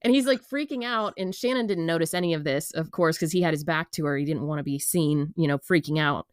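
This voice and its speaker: Woman guest w a really low voice, chatty, laughs a lot, dry close sound. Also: fast talker, smooth, no room sound. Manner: laughing, chatty anecdote telling. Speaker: podcast guest, film producer. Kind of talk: casual chat.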